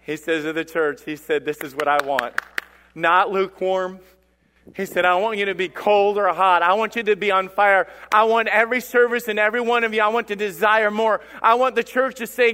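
A pastor delivers his sermon in a high, bright voice that rings through a church with a long reverb tail. He swings between loud declarations and quieter, low asides. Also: a little fast. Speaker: lead pastor. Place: church sanctuary.

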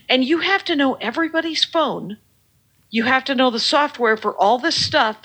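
A woman in her fifties telling a lively, profane story in a casual chat, often laughing. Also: a little high, low-quality recording. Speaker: podcast guest.

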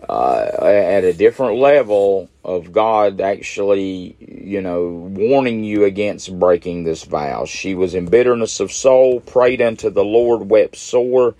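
A man's voice: on the low side, unhurried, hardly any pauses, dark tone, dry recording. A middle-aged man preaching a midweek sermon, emphatic and repeating phrases for stress.

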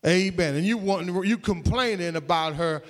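A man's voice: high-pitched, normal speed. A man preaching a sermon in an emphatic, call-and-response way, with folksy slang.

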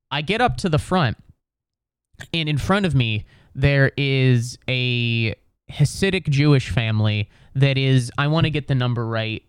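A young American man tells a comedic story, rambling and sarcastic, piling on fillers and restarts. His voice is smooth and sits mid-range. The sound is dry and close on a podcast mic. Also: medium pitch, no echo.

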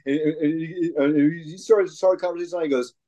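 A man's voice: a little high, steady tone, fast talker, warm tone. A man in casual chat, rambling with many fillers and restarts. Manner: rambling, filler-heavy, enthusiastic fan talk.

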